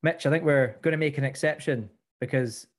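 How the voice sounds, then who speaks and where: A man's voice: medium pitch, brisk. A man co-hosting a podcast, chatting casually in a laid-back, jokey way. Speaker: podcast co-host. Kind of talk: casual chat.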